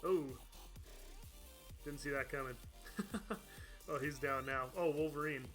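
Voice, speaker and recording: Over soft background music, a man streams gameplay live, speaking slowly in a voice on the high side with a fairly bright tone. Chatty and quick to laugh, he reads names from the chat and thanks viewers and donors.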